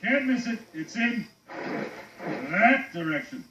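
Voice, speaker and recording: An actor playing a helpful male fish who gives brisk, matter-of-fact directions in an animated film. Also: sits high, slight background noise, heavily acted. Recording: roomy, dull far-off film clip.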